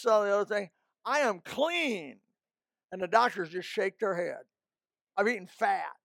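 A man's voice: high-pitched, creaky, a bit bright, no echo, clean studio sound. An older man preaching a folksy, emphatic sermon, breaking into snatches of hymns.

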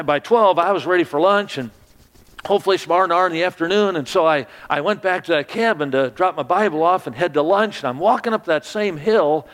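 A man preaching, telling a personal story in a sermon, stammering on restarts and sinking to a hush at the sad moments. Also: fairly high pitch, long reverb tail.

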